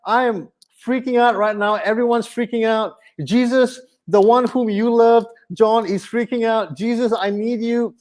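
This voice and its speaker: Panicky high-pitched disciple as a preacher puts him on, lilt, frantic and sarcastic. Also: male voice, lively intonation, normal speed, pauses often, darkish tone. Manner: frantic, then mock-polite sarcasm. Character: panicked male disciple Peter on a storm boat.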